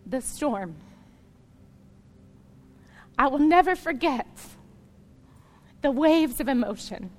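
A woman pastor delivers a sermon in a high, clear voice. She speaks earnestly and straight to the congregation, often swelling into loud, emphatic declarations. A faint hiss sits under her voice. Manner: direct appeals to the congregation.

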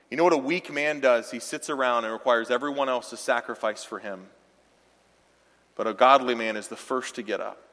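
A man's voice: medium pitch, a bit bright. A male pastor preaching a sermon, speaking with emphatic, direct exhortation in a church sanctuary. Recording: long reverb of a large church hall.

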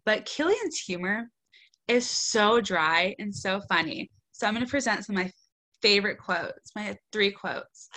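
Bright-voiced woman chatting casually. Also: mid-range voice, unhurried. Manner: animated, swears freely, quotes lines in a dry deadpan. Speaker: podcast co-host reviewing a book. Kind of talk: casual book review chat.

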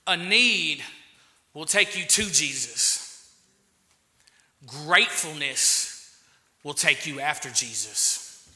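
A man preaching a sermon as pastor, repeating key phrases and rising to loud, impassioned exclamations. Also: a little high, animated, slow, pauses often, echoey room.

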